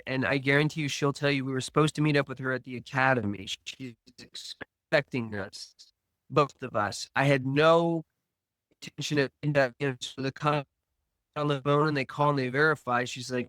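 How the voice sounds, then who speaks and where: A man's voice: medium pitch, moderate pace, fairly bright tone, dry recording, studio quality. A man recounting his past addiction as a podcast guest, telling it in present tense with quoted dialogue. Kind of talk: storytelling about addiction.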